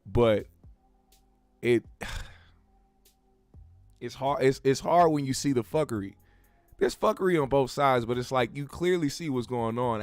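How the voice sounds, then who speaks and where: A man's voice: medium pitch, no room sound. Laid-back man riffing, dry close sound. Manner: laid-back, profane, joking asides. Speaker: show host. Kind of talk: casual commentary.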